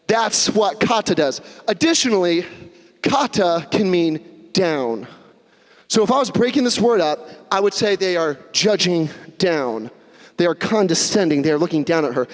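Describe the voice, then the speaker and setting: A man preaching a sermon as a pastor, conversational and animated, with jokey asides. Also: on the high side. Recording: long reverb of a hall.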